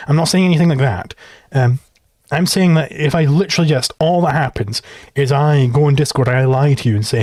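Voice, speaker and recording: Man arguing fast on a live stream. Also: a little high, a little mellow, no room sound, studio quality. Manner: quick, argumentative, laughs often, stumbles into restarts. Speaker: host.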